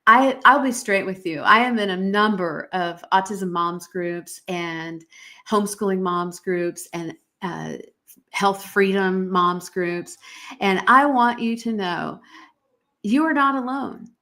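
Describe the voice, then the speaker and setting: A woman's voice: mid-range voice, takes it slowly, pushed and bright. A middle-aged woman from the United States hosting a live-stream podcast, talking in an emphatic, motivational way and greeting viewers. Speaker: podcast host.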